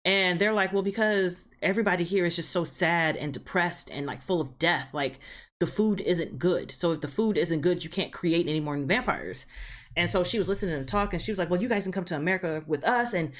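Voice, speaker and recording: A woman's voice: on the low side, fairly quick. A woman hosting her reaction channel, chatting casually through an episode recap with lots of fillers and repeated phrases.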